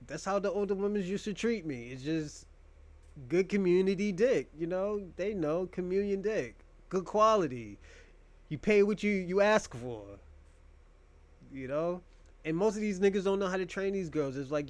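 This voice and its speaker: A man with a fairly high voice talks straight to his audience in a loose, blunt monologue. His talk is crude and wanders from thought to thought. The sound is close and dry, with no room around it. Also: lively intonation, unhurried, no room sound. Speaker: streamer. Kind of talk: casual monologue to viewers.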